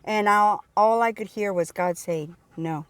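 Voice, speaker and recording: An excited woman recounts a spiritual experience in a loose, rambling way, circling back and repeating phrases as she talks. Her voice sits at an ordinary middle pitch. The sound is dry and close, with no room around it. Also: measured pace, smooth, no echo. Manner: excited, repetitive, storytelling with restarts. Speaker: religious vlogger sharing testimony. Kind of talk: casual spoken testimony.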